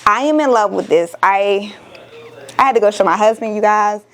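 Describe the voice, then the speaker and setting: A woman's voice: medium pitch, moderate pace, low-quality recording. A young woman from Miami, a crafting vlogger, chatting casually and emotionally to her viewers, exclaiming often and calling them y'all.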